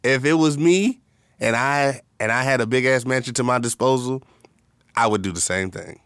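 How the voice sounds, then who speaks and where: A man's voice: medium pitch, normal speed, fairly bright tone, clean tone, no echo, clean studio sound. Laid-back man in casual chat.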